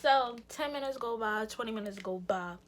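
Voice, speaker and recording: A woman's voice: fairly high pitch, normal speed, slight background noise. A young woman vlogger telling a rambling, slangy story in a casual chat with lots of "like" and restarts. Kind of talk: casual storytime while getting ready.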